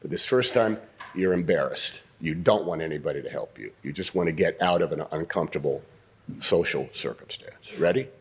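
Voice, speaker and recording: An older man teaching an acting workshop, coaching students through scenes in an animated way and often clearing his throat. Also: rumbling low, a little fast.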